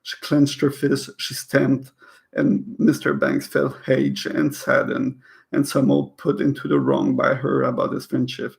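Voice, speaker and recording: Very gravelly man reading aloud. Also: mid-range voice, completely flat delivery. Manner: halting, stumbles and rereads words; breaks off into chatty personal comments. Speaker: reader of a novel. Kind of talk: casual read-aloud with asides.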